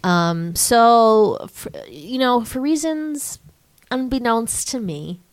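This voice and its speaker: A young woman co-hosting a podcast, casually recapping a film, cursing freely and acting out the characters in quick quotes. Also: a little high, animated, no echo. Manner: chatty, swears freely, acts out characters in quotes, laughs often. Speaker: podcast co-host.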